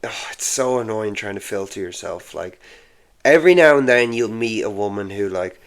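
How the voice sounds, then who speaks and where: A man's voice: on the low side, expressive, normal speed, clean tone. A man, a comedian guest in casual chat who hesitates, trails off and laughs a lot.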